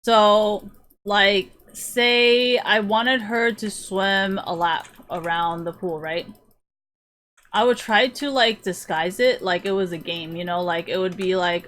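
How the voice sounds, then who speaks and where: A woman's voice: medium pitch, normal speed, slight background noise. A young adult woman livestreaming a casual rant, blunt and profane, full of fillers, acting out the people she quotes. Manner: animated, acts out quoted kids and parents. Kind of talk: casual ranting chat.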